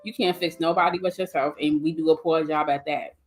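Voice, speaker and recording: Blunt, animated woman in her forties. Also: sits low, a little fast, soft background music. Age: 40s. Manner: blunt, animated, acts out quoted voices. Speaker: guest speaker on mental wellness. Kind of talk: casual podcast discussion.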